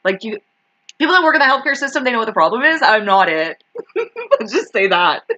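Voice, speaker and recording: A woman's voice: fairly high pitch, lively intonation, fairly quick, pushed and bright, dull audio. A Canadian woman in her thirties hosting a ranting vlog, swearing freely, sarcastic and laughing as she talks. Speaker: channel host.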